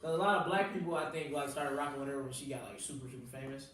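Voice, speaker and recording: A man's voice: mid-range voice, steady tone, fast talker, fairly bright tone, a little hiss or hum. A young man from the Southern US, a comedian hosting a casual chat, telling stories full of slang and laughs. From Southern US, New Orleans. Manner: laughing storyteller, loose slang. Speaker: comedian host. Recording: echoey room, distant mic.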